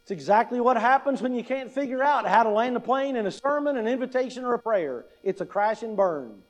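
A man's voice: very high-pitched, animated, fairly quick. A pastor in his fifties gives a conversational teaching talk, often asking "right?" and adding wry humor. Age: 50s. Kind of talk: teaching talk on public speaking.

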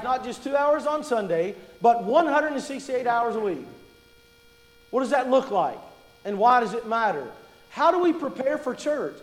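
A preacher with a high voice gives a sermon, speaking conversationally to his congregation and putting questions to them. He slows down to emphasize his key points, and the long reverb of a big church hall rings through the recording.

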